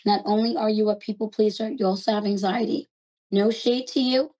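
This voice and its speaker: Woman, New York accent, psychic call-in host, fast chatty talk, mellow voice, dull lo-fi audio. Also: medium pitch, steady tone, a little hiss or hum. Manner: fast, chatty and affectionate, calls callers love.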